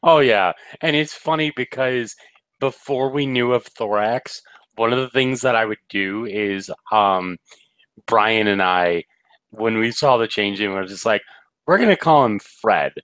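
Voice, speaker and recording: A man's voice: fairly low pitch, measured pace, fairly bright tone, clean tone, dry recording, low-quality recording. A young man co-hosting a fan show, telling stories casually and dropping into silly voices for jokes. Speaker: podcast co-host.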